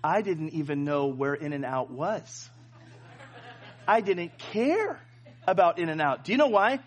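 A middle-aged man preaching, his voice sitting high for a man. He tells a personal story with lots of fillers, restarts and playful asides. He keeps pulling the congregation in with him. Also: animated, a little slow, breathy edge. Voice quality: plenty of filler and restarts, jokey. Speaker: pastor. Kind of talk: sermon.

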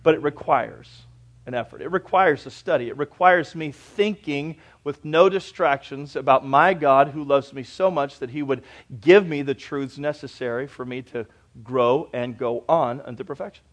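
A male pastor preaching a sermon in a church, folksy and conversational, swinging between quiet reflection and loud, lively bursts. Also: on the high side. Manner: folksy, conversational preaching with everyday examples and asides.

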